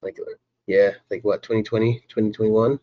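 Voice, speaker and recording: A man's voice: lowish voice, flat delivery, a little fast, muffled recording. A man hosting a casual live stream, chatting in a laid-back way, greeting viewers by name and laughing often.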